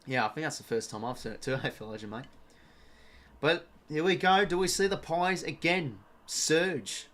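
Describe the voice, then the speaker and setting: Excitable Australian footy fan commentator. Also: male voice, a little high, normal speed. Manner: excitable, shouts at big moments, swears; chatty asides and thanks to viewers. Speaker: watch-along commentator.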